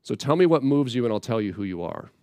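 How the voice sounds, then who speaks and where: Male preacher, mid pitch, easygoing and plainspoken, dry read. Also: fast talker, no room sound. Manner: casual, plainspoken, animated asides. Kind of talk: conversational Bible teaching.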